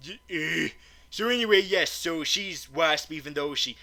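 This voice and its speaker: A man's voice: fairly high pitch, measured pace, vocal fry, bright, forceful tone. A man doing a comedic movie recap, stammering often and breaking into mock-outraged, swearing rants.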